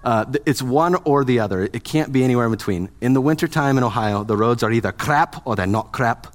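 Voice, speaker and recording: A man's voice: medium pitch, a little fast. Joking, conversational man preaching a sermon. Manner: conversational, joking, asks the congregation questions. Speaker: pastor.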